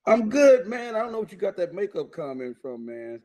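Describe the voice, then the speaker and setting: Male guest, high and lively pitch, playful teasing sports banter. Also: moderate pace, crowd noise. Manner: playful, teasing, laughs while talking. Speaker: guest co-host.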